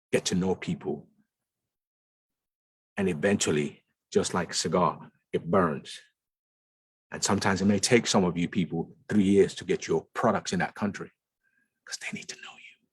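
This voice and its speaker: A man's voice: sits low, slightly rough, dry recording. A man speaking as a guest in a lounge, talking emphatically and repeating words for stress. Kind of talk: conversational talk.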